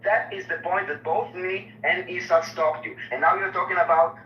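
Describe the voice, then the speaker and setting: A man's voice: sits high, steady tone, normal speed, muffled recording, slight background noise. A man pressing hard in a heated debate, repeating his questions and interrupting. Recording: echoey and distant.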